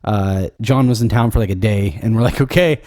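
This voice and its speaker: A man's voice: lowish voice, brisk, warm tone, no room sound, clean studio sound. A man co-hosting a casual podcast chat, easygoing and hesitant, with lots of fillers. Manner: laid-back, hesitant with many fillers. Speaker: podcast co-host and musician. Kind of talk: casual chat between friends.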